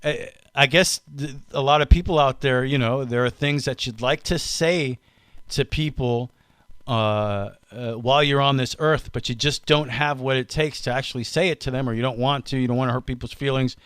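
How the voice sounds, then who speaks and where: A man co-hosting a casual podcast chat, animated and laughing often, acting out quotes in funny voices. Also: medium pitch, moderate pace, clean tone, no room sound, clean studio sound. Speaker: podcast co-host.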